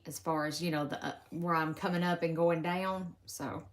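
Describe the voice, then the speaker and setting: A woman's voice: deep voice, steady tone, normal speed. Chatty Southern woman stitching on a live stream. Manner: chatty, talks to viewers as "y'all", drops into soft murmurs while working. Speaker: craft live-stream host. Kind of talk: casual live-stream chat while stitching.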